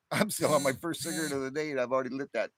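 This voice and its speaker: A man's voice: mid-range voice, quick pace, fairly bright tone, no room sound. Rambling middle-aged man chatting on a livestream. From northern New York near the Canadian border. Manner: rambling, repeats words, chuckles often. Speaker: livestream host. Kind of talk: casual live chat with viewers.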